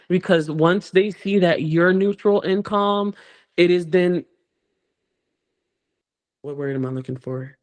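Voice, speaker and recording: Male presenter, slightly high pitch, steady explanatory delivery with small restarts. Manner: explains step by step, repeats words while searching for phrasing. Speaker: presenter on child behavior. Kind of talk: educational talk.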